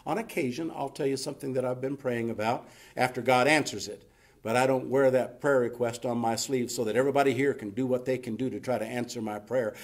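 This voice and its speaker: A man preaching a sermon in a church as pastor, folksy and emphatic, often closing a thought with "you see". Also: mid-range voice. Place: church sanctuary.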